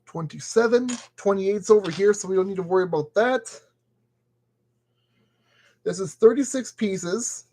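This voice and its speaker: A man's voice: high-pitched, unhurried, pauses often, a little mellow. A man building a model kit and commenting casually as he works, playfully talking to the parts. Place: at a work table.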